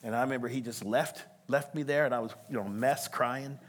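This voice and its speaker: A man preaching a sermon, telling a story with lively acted-out voices and calling out to the congregation. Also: medium pitch, brisk. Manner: animated storytelling, acts out voices, laughs, calls to congregation. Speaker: pastor.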